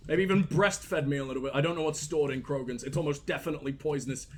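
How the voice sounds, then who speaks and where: A man's voice: on the high side, fast talker, a little hiss or hum. A man doing crude, mocking game commentary, swearing constantly and talking back to the characters on screen. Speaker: gaming commentator. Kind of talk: crude comedic gameplay commentary.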